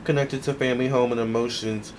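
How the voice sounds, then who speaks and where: A man doing a casual tarot reading to camera, musing aloud in an unhurried way with many fillers. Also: mid-range voice, steady tone, a little mellow, a little hiss or hum. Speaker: tarot reader.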